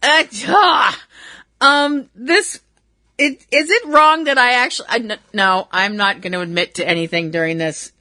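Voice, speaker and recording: A woman's voice: on the high side, expressive, measured pace, pushed and bright, dry recording. A woman hosting a wrestling podcast, recapping a match in a giggly, irreverent way, with casual swearing.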